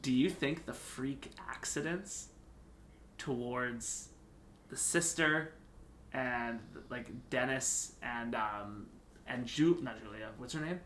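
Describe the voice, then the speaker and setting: A young man co-hosting a podcast in casual chat, getting excited and rising in pitch when he makes a point. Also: slow, reverberant, a little hiss or hum. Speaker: podcast co-host.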